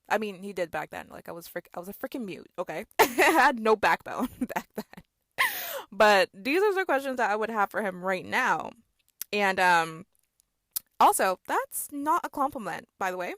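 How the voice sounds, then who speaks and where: A young woman tells a story straight to camera, casual and sarcastic, with many "like"s and "okay?"s. Her voice sits at an ordinary pitch for a woman. The recording is close and dry, with no room sound. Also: fairly bright tone, no room sound. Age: 20s. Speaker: storytime vlogger.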